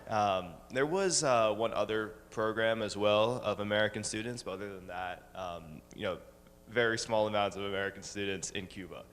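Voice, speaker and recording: A college-age man giving a slide talk to a congregation, pausing often with ums and uhs. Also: fairly low pitch, a bit bright, in a large hall, slight background noise. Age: 20s. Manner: hesitant, many ums and uhs. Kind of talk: presentation with slides. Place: synagogue hall.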